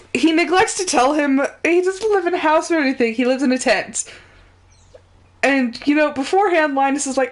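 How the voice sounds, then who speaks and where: A woman's voice: high voice, expressive, brisk. A woman streamer chatting casually and laughing often while commenting on a game she is playing live.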